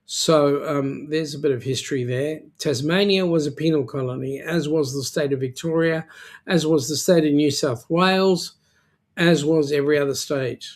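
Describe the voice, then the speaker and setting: A man hosting a casual livestream chat, from South Africa, teasing his viewers and talking in halting bursts full of filler sounds and restarts. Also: a little high. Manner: joking and teasing. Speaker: livestream host.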